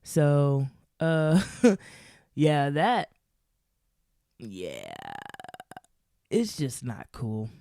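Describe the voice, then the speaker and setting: A woman's voice: sits low, big pitch swings, extremely slow, warm tone, dry recording, clean studio sound. A woman vlogger telling a casual comic story to camera, rambling, swearing casually and laughing often.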